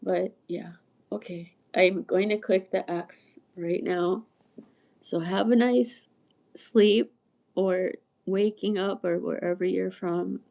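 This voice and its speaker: A woman's voice: fairly low pitch, fairly even intonation, slow, vocal fry, dark tone. A woman in her sixties rambling casually to viewers on a livestream, chatty and prone to tangents, often laughing. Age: 60s. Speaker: livestream host.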